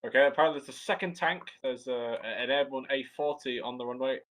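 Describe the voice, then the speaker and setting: A Scottish man talks his way through live air show commentary. He is chatty and loose, cracking jokes and restarting sentences as he goes, in a voice of ordinary middle pitch. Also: fast, fairly bright tone, rough recording. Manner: chatty, joking, rambling with restarts.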